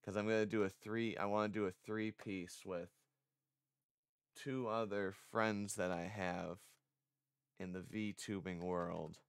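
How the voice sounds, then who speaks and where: A man's voice: on the low side, fairly even intonation, takes it slowly, clean tone, no echo, clean studio sound. A man streaming casually, rambling and self-conscious, a little congested. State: slightly congested. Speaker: vtuber streamer.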